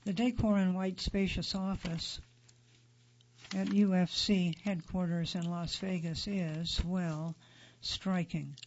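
A man narrating a magazine feature in a steady, neutral read-aloud delivery. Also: high voice, slow, dull audio, a little hiss or hum. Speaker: article narrator.

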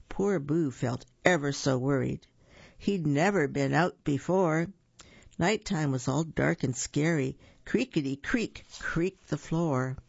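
A storyteller reading children's picture books aloud in a lively, sing-song way with small slips, on a dull, dry lo-fi recording. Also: medium pitch, slow, creaky, husky, no room sound.

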